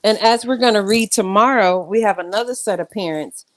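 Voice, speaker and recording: A woman's voice: mid-range voice, a little fast. A woman co-hosting a casual talk show, adding brief interjections and pointed questions.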